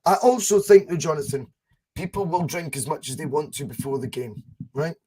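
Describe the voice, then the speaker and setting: An animated Scottish man hosting a podcast, telling stories and slipping into voices as he goes. His voice sits a touch higher than most men's, and his pitch swings widely as he talks. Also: a little fast, husky. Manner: animated storyteller, acts out voices in anecdotes. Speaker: podcast host. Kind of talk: casual podcast chat.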